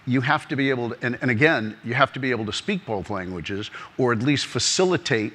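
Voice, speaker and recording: A man's voice: mid-range voice, lively intonation, fast talker, a bit bright. A man as the interviewed guest in an on-stage conference conversation, telling stories and rambling with restarts.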